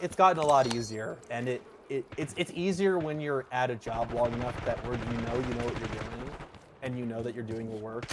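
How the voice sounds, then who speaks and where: A man's voice: medium pitch, very noisy. A man streaming a game, chatting casually in a rambling, stumbling way. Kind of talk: casual chat while gaming. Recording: loud game music and gunfire behind.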